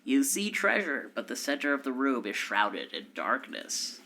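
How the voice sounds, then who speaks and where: Male game master with a storytelling, dramatic narration, very bright and animated in pitch. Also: measured pace, slight background noise. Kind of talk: narrating a tabletop game skit.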